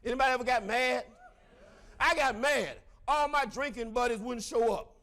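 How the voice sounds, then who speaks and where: Fiery, high-pitched male motivational speaker. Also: normal speed. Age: middle-aged. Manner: fiery, preacherly, bursts into shouts. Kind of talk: motivational speech to a crowd.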